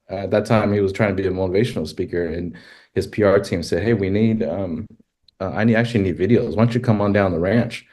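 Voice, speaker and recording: Podcast guest, male, very low voice, casual storyteller who jumps into high exclamations. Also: highs cut off. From California. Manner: animated, exclaims in high pitch when quoting himself. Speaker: guest, rodeo filmmaker.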